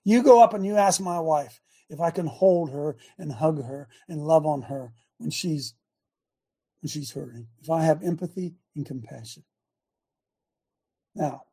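An older man with a high, husky voice rants as a show host, fired up and emphatic. He drives each point home by saying it again and again. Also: moderate pace, pauses often, mellow. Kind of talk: impassioned opinion monologue.

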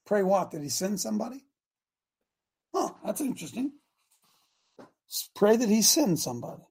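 A man hosting a talk show with a gravelly, husky voice. He exhorts his audience like a preacher, bursting into shouts and then falling to quiet asides. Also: sits high, sing-song, moderate pace. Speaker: host.

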